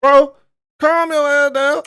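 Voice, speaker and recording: A man's voice: very high voice, little pitch movement, slow, bright, forceful tone, no room sound, clean studio sound. A man hosting a reaction video, heckling a clip in profane, slangy casual commentary. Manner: profane, heckling, mock-lecturing; dialect-heavy casual slang.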